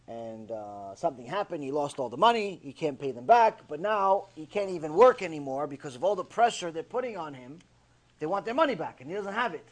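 A man giving a mussar lecture on Torah ethics, telling jokes and acting out characters as he teaches. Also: on the high side. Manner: animated storyteller, jokes, acts out characters.

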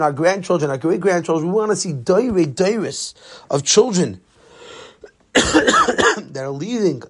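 A man's voice: sits high, slightly rough. A man giving a sermon as a rabbi, telling stories and using Yiddish and Hebrew terms.

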